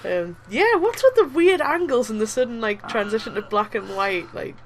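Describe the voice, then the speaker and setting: A woman's voice: fairly high pitch, expressive, moderate pace, poor audio. A woman co-hosting a review show in casual chat, chatty and sarcastic.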